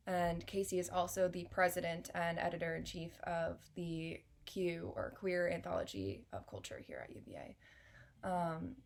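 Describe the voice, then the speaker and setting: A woman in her twenties, a student, introducing a fellow poet at a reading, warmly and with frequent filler sounds. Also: fairly low pitch. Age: 20s. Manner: warm, with frequent 'um' fillers.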